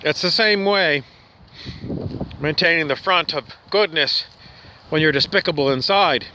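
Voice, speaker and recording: A man's voice: a little high, measured pace, bright, forceful tone, poor audio. A man with a weak put-on Australian accent, rambling through an improvised comic monologue in mock-guru patter, swearing now and then. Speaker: comic host. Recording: wind-buffeted outdoor mic noise.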